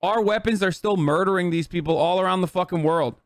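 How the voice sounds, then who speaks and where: A man's voice: high voice, a little fast, few pauses, no room sound. A man in his thirties streaming, ranting heatedly about politics to his chat, emphatic, profane and repetitive.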